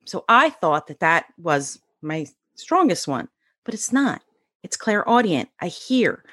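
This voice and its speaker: A middle-aged woman, a podcast guest, telling her story in a casual, animated way and acting out the voices of people she quotes. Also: lowish voice, unhurried. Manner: animated, acts out quoted dialogue.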